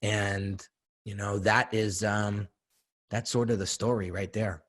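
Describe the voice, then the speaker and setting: A man's voice: lowish voice, little pitch movement, takes it slowly. A man talking as a podcast guest, telling a personal story in an earnest, conversational way, often repeating himself.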